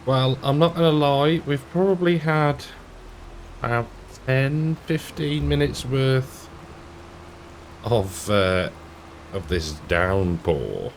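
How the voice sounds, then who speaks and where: A man's voice: mid-range voice, lively intonation, slow, long pauses, a little hiss or hum. A man giving casual, rambling commentary while playing a farming game, often chuckling to himself. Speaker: gaming YouTuber.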